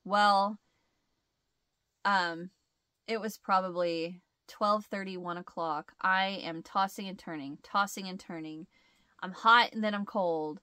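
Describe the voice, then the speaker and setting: A woman's voice: mid-range voice, steady tone, slow, bright, forceful tone, smooth, no echo. A woman hosting a casual chat, rambling and laughing often, with a stuffed-up nasal sound. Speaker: host.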